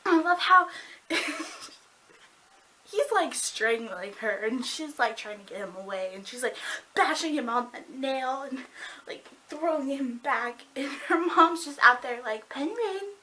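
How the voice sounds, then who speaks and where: A young woman giving a casual, giggly book review, talking excitedly with lots of "like". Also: high voice. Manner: bubbly, giggly, fast, lots of "like".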